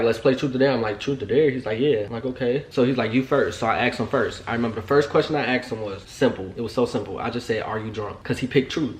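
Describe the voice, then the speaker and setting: Man, 20s, vlog storyteller; animated, slangy, mid pitch, echoey room. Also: a little hiss or hum. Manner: animated storytelling, acts out both sides, slangy, drops to a hush for asides. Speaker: vlogger.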